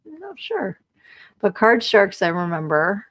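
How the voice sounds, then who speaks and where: A woman in her forties hosting a live stream, chatting casually and reading out viewer comments in a talkative, animated way, with lots of "like" and frequent laughter. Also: mid-range voice, measured pace, no echo. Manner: chatty and animated, heavy use of "like", laughs often. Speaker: streaming podcast host.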